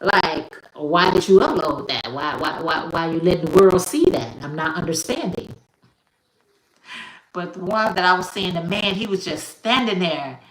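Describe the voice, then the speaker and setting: A woman's voice: fairly low pitch, normal speed, echoey room, a little hiss or hum. Chatty woman on a live stream. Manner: chatty and animated, laughing often, greets viewers by name. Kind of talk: casual live chat.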